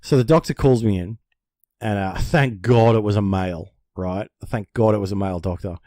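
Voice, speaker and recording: A man telling a story in casual podcast chat. He swears freely and tells it in an animated way. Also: lowish voice, moderate pace, no echo, clean studio sound. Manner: animated, profane storyteller who acts out panicked voices. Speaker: podcast co-host.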